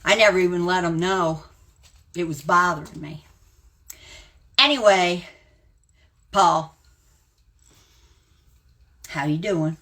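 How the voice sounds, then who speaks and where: A woman's voice: fairly low pitch, slow, pauses often, a bit bright. A woman in her seventies hosting a live stream, ranting bluntly and calling people out by name. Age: 70s.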